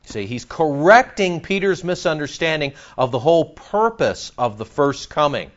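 A man preaching an expository sermon in a conversational, animated way, joking with the congregation. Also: fairly high pitch, moderate pace, lo-fi sound. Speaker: pastor.

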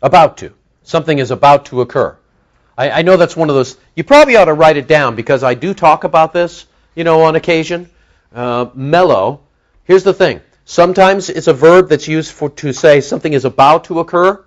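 A man's voice: a little high, fairly quick, dull audio. A man preaching an expository sermon, teaching verse by verse and acting out the characters' voices as he tells the story. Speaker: pastor.

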